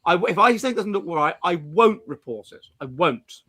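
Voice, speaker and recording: A middle-aged English man hosting a casual live-stream chat, animated, with frequent restarts and playful mimicry. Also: high voice, normal speed, husky. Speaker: host.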